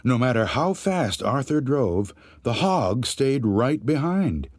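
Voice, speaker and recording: A man narrating a ghost story in a slow, dramatic storytelling manner, building suspense. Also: mid-range voice, sing-song, a little mellow, no echo, clean studio sound.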